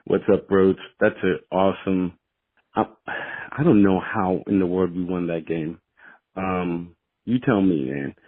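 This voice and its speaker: Man, tired caller, low voice, easygoing with fillers, tinny phone line. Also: steady tone, unhurried, no room sound. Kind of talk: call-in to a sports show.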